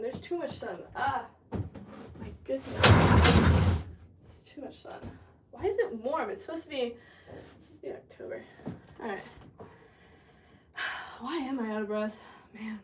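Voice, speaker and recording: A young woman with a slightly high voice chats casually on a livestream while making pottery. She talks to her viewers and thanks them for gifts as she works. A clear hiss of noise sits behind her voice. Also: measured pace, long pauses. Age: 20s.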